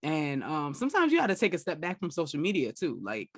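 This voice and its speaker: A young woman with a New York accent hosting a casual interview, telling stories in an animated, slangy way and laughing often. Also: deep voice, fast. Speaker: podcast host.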